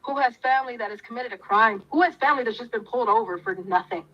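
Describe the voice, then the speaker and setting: Southern woman commentator, high bright voice, impassioned and preachy, muffled lo-fi sound. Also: quick pace. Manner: fiery, preachy, repetitive questions. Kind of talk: impassioned talk to viewers. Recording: muffled lo-fi audio.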